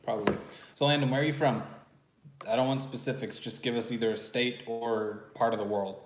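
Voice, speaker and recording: A man's voice: mid-range voice, steady tone, a little fast, background noise. A man with a Texan accent hosting a live stream from home, chatting and teasing casually, throat a bit sore. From Texas. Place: home room with house lighting. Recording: echoey room.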